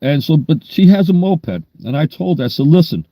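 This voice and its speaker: A man in his sixties speaks with a New York accent, rambling from one story to the next in a down-to-earth way. His voice sits a little high but sounds mellow and relaxed. The recording is dry and close. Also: brisk, dry recording. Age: 60s. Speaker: livestream host. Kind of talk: casual livestream chat.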